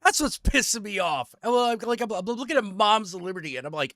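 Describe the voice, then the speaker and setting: A man's voice: high-pitched, fast, dry recording. A man hosting a stream, ranting in casual chat, swearing a lot and stumbling over restarts. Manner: profane, animated ranting with stammered restarts. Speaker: stream host.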